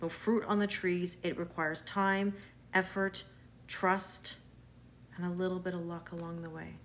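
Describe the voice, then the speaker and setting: A woman's voice: on the low side, flat delivery, measured pace, a bit bright, slight background noise. A woman with a Canadian accent, a tarot reader chatting live with viewers in a reassuring way, often restarting her words. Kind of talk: live-stream chat with viewers.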